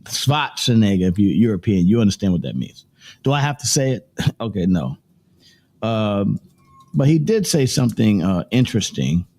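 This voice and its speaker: A man's voice: on the low side, sing-song, moderate pace, warm tone. A man hosting a morning livestream show, talking in a rambling, casual way and repeating himself as he works through his points.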